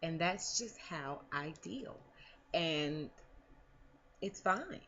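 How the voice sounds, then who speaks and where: A woman's voice: sits low, lively intonation, drawn-out words, bright, forceful tone, muffled recording. A woman talking casually in a personal vlog, rambling with many fillers and restarts. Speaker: vlogger.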